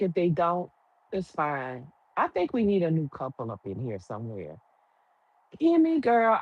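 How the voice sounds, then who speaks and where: A woman's voice: lowish voice, dry recording, lo-fi sound. Woman chatting thru a show recap, lots of opinions and rhetorical questions, dry close sound. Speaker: TV recap reviewer. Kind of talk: casual chatty review.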